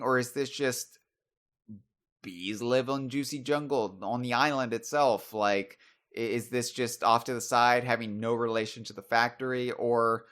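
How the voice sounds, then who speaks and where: A man's voice: mid-range voice, fairly bright tone. A man hosting a podcast, chatting casually and thinking aloud about video games. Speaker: podcast host.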